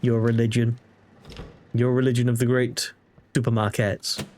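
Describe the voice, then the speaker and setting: A man's voice: medium pitch, level tone, normal speed, darkish tone. A young British man streaming a game, joking and rambling between lines. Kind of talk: casual game commentary.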